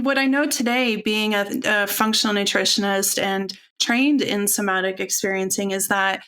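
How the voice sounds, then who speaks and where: A woman in her forties speaking openly and earnestly as a podcast guest, telling a personal story in a relaxed, conversational way. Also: medium pitch. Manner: open, earnest, conversational with fillers. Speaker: podcast guest, functional nutritionist.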